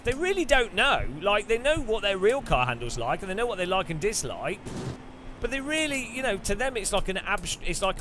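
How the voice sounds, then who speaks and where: Man, casual gaming chat, slightly high voice, chuckling, audible background noise. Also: lively intonation, fairly quick, sharp tone. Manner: rambling, chuckling, with many restarts. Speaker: sim racing streamer.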